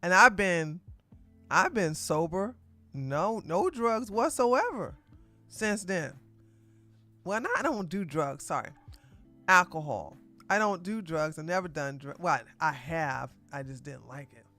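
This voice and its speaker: A woman's voice: lowish voice, expressive, a little slow, pushed and bright, soft background music. A woman commenting casually on a live stream, rambling and correcting herself as she goes. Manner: rambling, self-correcting, chatty.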